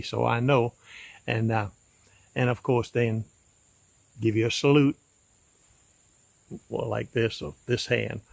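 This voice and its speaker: A man in his eighties with a folksy, rambling way of talking, giving a casual video shout-out. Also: mid-range voice, vocal fry, dry recording. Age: 80s. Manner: folksy, rambling, with frequent fillers. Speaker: backpacking channel host giving a shout-out. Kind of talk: casual recorded video message.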